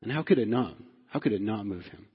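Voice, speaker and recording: An earnest male pastor preaching in a husky, breathy voice of middle pitch. His words ring out with a long reverb through a large hall. The sound is a little dull. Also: animated, fairly quick. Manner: earnest, repeats "right?" to the congregation; rises in pitch and force when stirred. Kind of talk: sermon.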